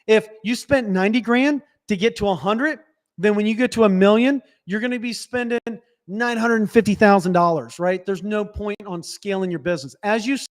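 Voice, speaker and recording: A man with a notably high voice gives blunt, practical business coaching on a live stream. He speaks straight to his audience and keeps checking that they follow him. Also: fairly quick. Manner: direct, instructive, frequent "right?" check-ins. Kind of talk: live webinar teaching.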